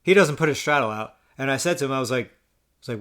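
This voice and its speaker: A man's voice: medium pitch, lively intonation, quick pace, fairly bright tone. A man telling a poker table story as an exasperated, profane rant, full of stammered restarts. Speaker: poker player vlogger. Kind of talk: ranting storytelling.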